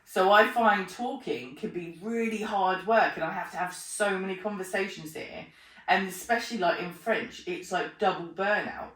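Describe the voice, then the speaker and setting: A woman chatting in an interview, animated, acting out her own remarks and laughing often. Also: mid-range voice, moderate pace. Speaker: podcast host being interviewed. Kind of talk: casual conversational interview. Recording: roomy sound, mic at a distance.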